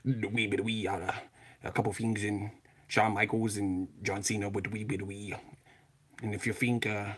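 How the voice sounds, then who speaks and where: A man's voice: fairly low pitch, level tone, moderate pace, fairly bright tone, slightly rough. A man putting on a mumbling, slurred voice to an awkward wrestling YouTuber. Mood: mocking.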